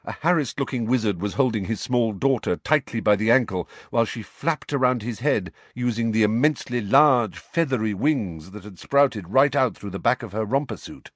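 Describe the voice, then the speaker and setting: A man narrating a storybook aloud in a measured, expressive reading. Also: lowish voice, no room sound. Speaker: audiobook reader.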